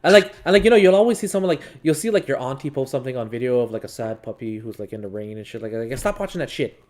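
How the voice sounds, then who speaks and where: A man's voice: mid-range voice, lively intonation, very fast, darkish tone. A man chatting casually over a game, laughing often and swearing as he rambles through stories. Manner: profane, laughing, rambling storyteller. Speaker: gaming channel co-host. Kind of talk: casual chat over gameplay.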